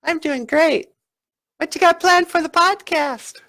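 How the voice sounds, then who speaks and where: A man voicing a sweet, cheerful female co-host in a high, chirpy falsetto for a comedic podcast skit. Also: measured pace, vocal fry, sharp tone, full character voice.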